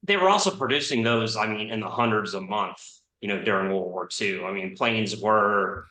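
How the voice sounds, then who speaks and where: A man in a casual podcast chat, explaining points in a measured way with fillers like "I mean" and "you know". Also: fairly low pitch, pushed and bright, reverberant, poor audio. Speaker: podcast co-host.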